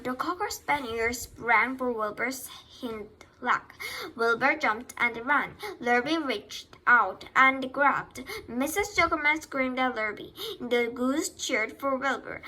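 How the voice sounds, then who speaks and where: A woman's voice: sits high, pushed and bright, low-quality recording. A woman reading a children's novel aloud, with slips that she corrects as she goes. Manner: reads slowly with slips and self-corrections. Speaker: reader.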